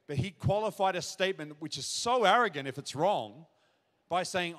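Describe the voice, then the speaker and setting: A man preaches in a church auditorium, his voice sitting high for a man. He talks straight to the crowd with earnest conviction and pushes into emphatic questions. His words ring out with a long reverberant tail. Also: lively intonation, normal speed, a bit bright. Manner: earnest, direct address to audience, builds to emphatic questions. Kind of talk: sermon.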